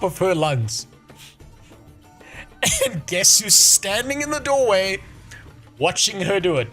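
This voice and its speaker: A man's voice: high voice, expressive, takes it slowly, long pauses, fairly bright tone, soft background music. A man in his thirties, a livestreamer chatting casually, swearing freely and laughing often. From South Africa. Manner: profane, laughs often while talking. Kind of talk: casual chat.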